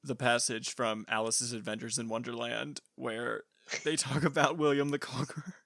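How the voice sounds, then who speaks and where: A man's voice: medium pitch, steady tone, moderate pace, vocal fry, a bit bright, no room sound, studio quality. A young adult man hosting a podcast, chatting casually and laughing readily with theatrical flair. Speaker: podcast host.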